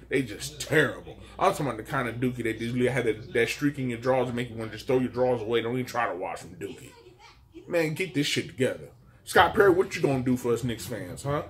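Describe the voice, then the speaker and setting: A man vents in a furious, profane rant as a sports fan. His fairly high voice swings all over the place, sinking to a mutter and then leaping up into exasperated shouts. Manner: loud, exasperated, swings from grumbling to shrieking. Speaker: sports fan ranting on a podcast.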